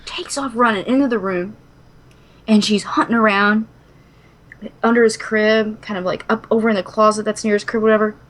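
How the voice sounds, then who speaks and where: Animated, profane woman telling a story. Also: mid-range voice, moderate pace. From Kentucky. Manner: animated, swears a lot, dramatic retelling. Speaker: podcast co-host. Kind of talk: casual chat, storytelling.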